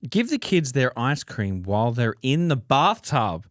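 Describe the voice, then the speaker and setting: A man's voice: medium pitch, big pitch swings, measured pace, no room sound, clean studio sound. A man co-hosting a podcast, laughing often and teasing his co-host. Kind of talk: casual chat.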